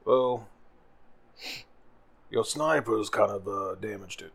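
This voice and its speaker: A man's voice: fairly low pitch, takes it slowly, gravelly, fairly bright tone, breathy edge. A man playing his character in a tabletop game, laid-back and wry, with frequent hesitations. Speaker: player. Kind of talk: in-character tabletop role-play.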